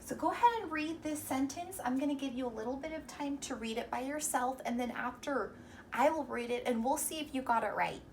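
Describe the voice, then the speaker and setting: A young woman teacher giving a reading lesson to young children, speaking slowly and encouragingly and sounding out words sound by sound. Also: high-pitched, far from the mic, slight background noise.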